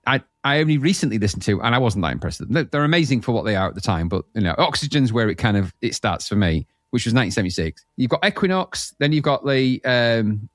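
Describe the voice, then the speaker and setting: A man, hosting a casual podcast chat and telling rambling, animated stories. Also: mid-range voice, fast talker, hardly any pauses, no room sound, studio quality. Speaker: podcast host.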